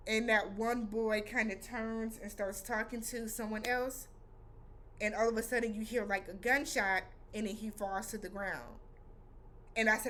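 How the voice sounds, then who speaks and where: Animated, slangy woman recapping a show. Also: on the high side, unhurried, slight background noise. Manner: animated and slangy, acts out reactions. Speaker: vlog host reviewing a TV episode. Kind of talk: casual recap vlog.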